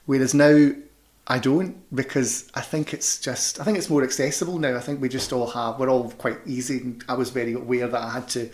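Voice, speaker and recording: A man's voice: medium pitch, fairly even intonation, a little fast, darkish tone. Scottish guy, glasgow accent, rambling casual interview chat, lots of restarts. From Scotland. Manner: chatty, rambling, many restarts and fillers. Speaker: panto performer and director.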